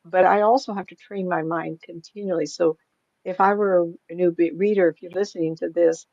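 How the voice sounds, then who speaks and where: A woman's voice: fairly low pitch, steady tone, a little fast, vocal fry, a little mellow, no room sound, lo-fi sound. An older woman, a psychic medium, chatting casually in an interview, rambling through stories and laughing often.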